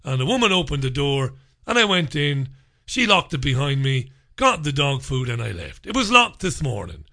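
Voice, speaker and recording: A man's voice: medium pitch, sing-song, moderate pace, pushed and bright. A man telling a profane, sardonic comic anecdote in a vlog. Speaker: vlogger. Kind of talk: comic storytelling monologue.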